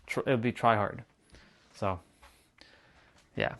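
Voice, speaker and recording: A man's voice: mid-range voice, measured pace, pauses often, a bit bright. Rambling man chatting on a live stream. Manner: rambling, repeats phrases and restarts. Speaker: livestreamer. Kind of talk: casual live-stream chat.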